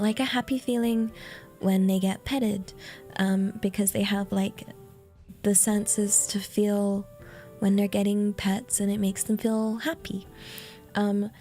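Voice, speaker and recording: A woman's voice: mid-range voice, warm tone. A British woman streamer chatting casually, rambling and giggling, with lots of fillers. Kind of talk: casual chat.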